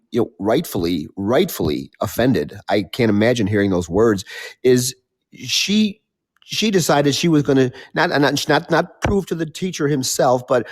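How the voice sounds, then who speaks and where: A man on a panel discussion, speaking bluntly and conversationally. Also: medium pitch.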